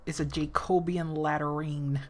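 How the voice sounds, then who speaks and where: A woman streams live and chats casually. She talks slowly in a lowish voice, joking crudely and swearing freely. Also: steady tone, a little mellow.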